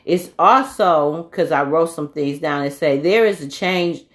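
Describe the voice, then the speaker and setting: A woman's voice: deep voice, unhurried. A woman vlogger in a rambling, earnest spiritual monologue, often stopping to correct herself.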